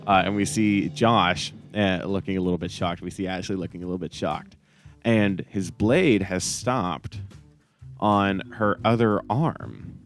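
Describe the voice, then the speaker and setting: Deep-voiced man rambling through a manga recap. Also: unhurried, soft background music. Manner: rambling, joking, mock-quoting characters. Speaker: podcast host. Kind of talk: casual manga review chat.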